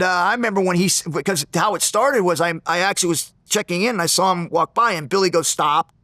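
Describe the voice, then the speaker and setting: A man being interviewed, telling a story in an animated way, acting out the people in it and often restarting and repeating words. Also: sits high, dry recording, clean studio sound. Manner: animated, acts out the people in his stories. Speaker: interview guest.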